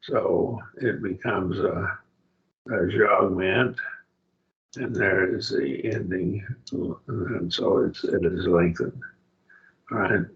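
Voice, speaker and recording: Slow gravelly man teaching grammar. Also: lowish voice, a bit bright, lo-fi sound. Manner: halting, with many fillers and restarts. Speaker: Greek teacher. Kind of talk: classroom grammar lesson. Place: church classroom.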